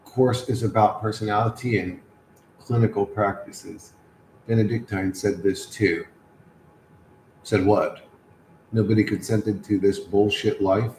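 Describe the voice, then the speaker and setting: A man's voice: fairly low pitch, steady tone, measured pace, pauses often, a little mellow, roomy sound, a little hiss or hum, rough recording. A man hosting a casual livestream, reading chat and answering in a crude, sardonic, rambling way.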